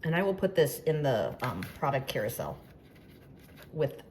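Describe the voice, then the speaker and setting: A woman with a low-set voice hosts a casual baking tutorial, her pitch rising and falling in lively swoops. She chats through each step with playful, self-mocking asides. Faint background hum sits under the recording. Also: a little slow. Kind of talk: casual demonstration.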